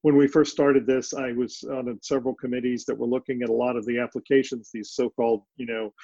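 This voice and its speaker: A man's voice: medium pitch, little pitch movement, brisk, gravelly, dark tone, no echo, muffled recording. Conversational Texan man presenting. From East Texas. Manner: conversational, storytelling. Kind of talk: webinar presentation.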